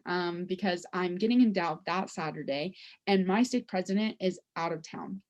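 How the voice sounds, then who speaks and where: A young woman telling a personal story for a class presentation, in a conversational way that is full of "like" and "um". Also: mid-range voice. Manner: conversational, with frequent "like" and "um" fillers. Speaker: student presenter.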